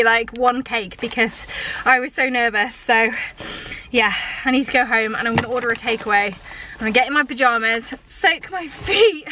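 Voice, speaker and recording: A woman's voice: on the high side, sharp tone, a little hiss or hum. A young woman talking to camera in a casual, chatty, giggly way. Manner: chatty and giggly, rambling, self-mocking. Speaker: lifestyle vlogger. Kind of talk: casual vlog chat to camera.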